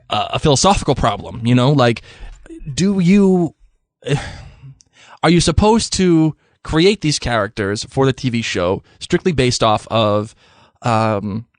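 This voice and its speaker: This young man hosts a podcast in a high-ish voice, recorded cleanly in a studio without echo. His talk is giggly and rambling, with frequent laughter and many restarts.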